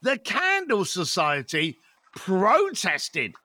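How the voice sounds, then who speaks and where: A man's voice: sits high, wildly swooping pitch, slow, pushed and bright, no echo. A man in his fifties, a podcast guest telling stories in a blunt, swearing, rant-like way. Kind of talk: podcast interview.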